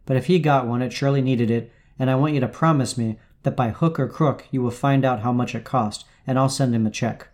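A man reading old wartime-era letters aloud in a measured, unhurried way with soft pauses. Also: mid-range voice, fairly even intonation.

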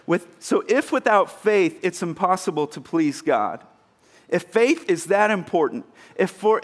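A man preaching a sermon in a casual, self-mocking way, acting out scenes with animated exclamations. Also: fairly high pitch. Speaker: pastor.

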